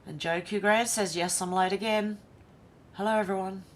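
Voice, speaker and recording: A woman's voice: medium pitch, steady tone, normal speed, slight background noise. An Australian woman hosting a casual livestream, chatting and reading viewer comments aloud one by one. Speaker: livestream host.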